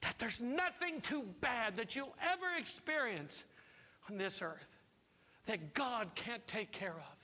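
A man preaching a sermon as pastor, telling stories with lively acted-out voices. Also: very high-pitched, measured pace. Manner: animated storytelling, acts out voices. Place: church. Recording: long reverb of a large hall.

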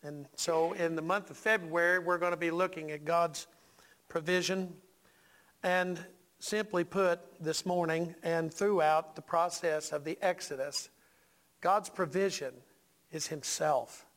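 Bright, high-voiced folksy preacher man. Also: measured pace. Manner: folksy and animated, with asides to the congregation. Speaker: pastor. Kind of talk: sermon.

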